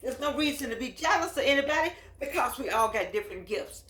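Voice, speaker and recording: A woman's voice: high voice, animated, fast, a bit bright, roomy sound. A woman in her eighties from the United States speaking to camera on her phone, emphatic and preacherly, repeating her phrases. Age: 80s. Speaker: host. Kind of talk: impassioned address to camera.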